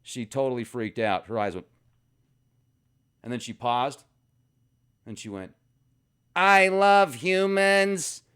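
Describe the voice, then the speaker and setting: A man's voice: fairly low pitch, unhurried, pauses often, clean tone. A man hosting a casual commentary video, joking and rambling between topics. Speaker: video host.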